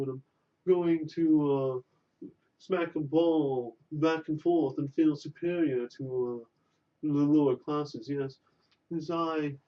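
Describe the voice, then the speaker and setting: A pompous, snobbish upper-class gentleman, as a man puts him on for a comedy bit. The voice is pitched up, slow and self-satisfied. The sound is muffled and lo-fi, from a mic set well back. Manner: pompous, drawn-out posh delivery. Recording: dull lo-fi sound from a distant mic.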